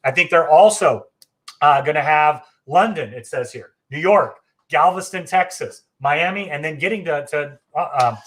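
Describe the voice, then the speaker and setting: A fairly high-voiced man talks through a travel live stream in a loose, enthusiastic way. He is chatty and often restarts his sentences and fills pauses with ums and uhs. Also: fairly bright tone. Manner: chatty, enthusiastic, frequent fillers and self-corrections. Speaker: travel agency host. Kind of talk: casual live stream walkthrough.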